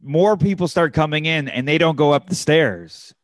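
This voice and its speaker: A man's voice: a little high, animated, normal speed, dry recording, clean studio sound. A man casually telling a long anecdote, with many fillers and restarts. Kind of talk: casual chat, storytelling.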